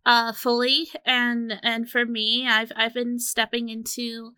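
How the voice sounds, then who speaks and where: A woman in her late twenties co-hosts a podcast in casual chat. Her voice is bright and crisp, a little high, and recorded dry. She rambles and restarts her thoughts as she talks. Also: monotone, slow pace, no room sound. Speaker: podcast co-host.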